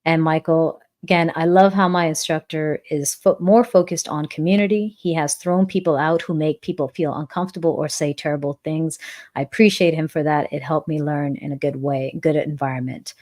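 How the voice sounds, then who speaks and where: A woman's voice: low-pitched, steady tone, moderate pace, a little mellow. A woman in her forties, a dance instructor, hosting a live-stream Q&A and answering chat comments in an earnest, reflective way, often repeating phrases for emphasis.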